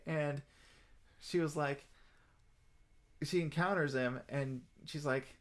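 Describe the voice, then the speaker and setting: Rambling excitable male streamer. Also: mid-range voice, unhurried. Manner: rambling, excitable, many fillers. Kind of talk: casual stream chat.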